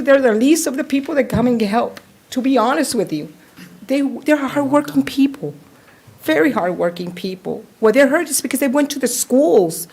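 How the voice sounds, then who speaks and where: A woman giving an emotional public comment at a city council meeting, speaking with a heartfelt, halting delivery. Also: fairly high pitch, vocal fry, darkish tone, husky. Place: council chamber.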